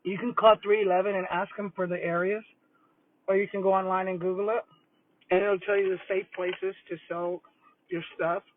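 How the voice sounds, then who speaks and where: A woman's voice: medium pitch, level tone, normal speed, no room sound. An older woman, a retired school principal chatting casually and rambling on a livestream while eating lunch. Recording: tinny phone-like dry audio.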